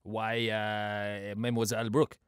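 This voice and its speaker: Man doing a deep-voiced French lady cat judge. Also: little pitch movement, clear, resonant tone, dry recording, studio quality, lightly acted. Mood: mock-grand. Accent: put-on French. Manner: deep, drawn-out, mock-elegant. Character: haughty French woman judging a cat show.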